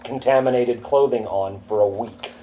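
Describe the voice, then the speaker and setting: A man narrating as game master at a tabletop game, in a casual, halting way with fillers. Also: medium pitch, dark tone. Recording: echoey room, faint ambient hum.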